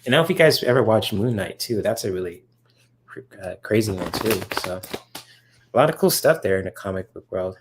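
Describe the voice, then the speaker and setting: A man's voice: fairly low pitch, expressive, a little fast, noisy background. A man hosting a casual livestream, answering viewers' chat questions in a rambling, enthusiastic way with lots of fillers. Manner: rambling, filler-heavy, enthusiastic about comics.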